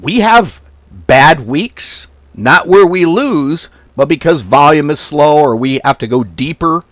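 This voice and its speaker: A man's voice: mid-range voice, no room sound. A man hosting a trading video, talking bluntly in a casual, profane rant that wanders off on tangents. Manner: blunt, profane, animated storytelling; goes off on tangents. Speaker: forex trading video host. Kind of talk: casual ranting monologue to camera.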